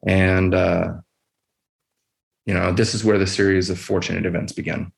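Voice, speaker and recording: A middle-aged man, an emergency physician, telling a personal story as a podcast guest in a quiet, measured way with many pauses. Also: low-pitched, flat delivery, creaky.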